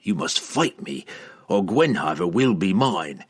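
A man voicing a cold, sneering male assassin who growls his threats slowly. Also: sits low, sing-song, slightly rough, heavily acted. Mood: menacing. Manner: growling, slow and menacing.

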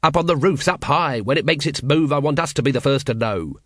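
A man's voice: a little high, lively intonation, a little fast, fairly bright tone, dry recording. A man reading an audiobook, voicing a weary, blunt middle-aged watch captain with a terse, dry manner. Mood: grim.

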